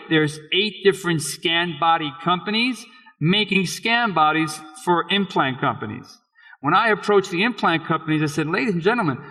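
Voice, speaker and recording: A man's voice: on the high side, sharp tone. A man presenting dental case slides at a conference lecture, speaking in a conversational, frank way with frequent restarts. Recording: long reverb of a lecture hall.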